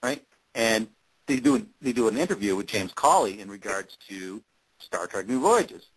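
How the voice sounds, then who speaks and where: A man's voice: fairly low pitch, animated, moderate pace, breathy edge, poor audio. A man being interviewed, telling a long story casually with many fillers and restarts. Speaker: interview guest, fan-series actor.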